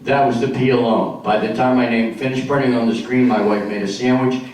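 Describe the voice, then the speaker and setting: Middle-aged guy doing stand-up, chatty joke storytelling, regular pitch, super echoey hall recorded from way back. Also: fairly even intonation, fairly quick, a little mellow, distant mic. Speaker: stand-up comedian. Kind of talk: stand-up comedy routine. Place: stage in a senior community hall.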